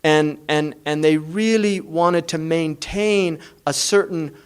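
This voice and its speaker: A man's voice: fairly high pitch, smooth. A man giving an informal lecture on Arabic grammar and religious scholarship, explaining a classical text in a conversational way. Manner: conversational, switches between rapid Arabic recitation and English explanation. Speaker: Islamic studies teacher.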